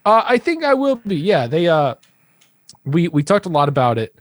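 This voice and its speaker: A man's voice: a little high, sing-song, moderate pace, dry recording. An American man co-hosting a podcast in a rambling, playful, teasing casual chat. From United States. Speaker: podcast co-host.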